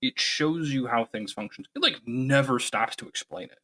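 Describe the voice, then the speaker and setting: A man co-hosts a relaxed podcast conversation, eager and emphatic as he makes his points. His voice has a bright, forward edge. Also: medium pitch, normal speed. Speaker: podcast co-host. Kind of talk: casual chat.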